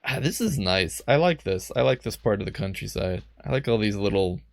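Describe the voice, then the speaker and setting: A man talks through his gameplay in a chatty, self-mocking way. His voice is gravelly and swings freely up and down, and the recording is dry and close. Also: lowish voice, animated, a little fast, no room sound. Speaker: let's play gamer. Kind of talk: casual gameplay commentary.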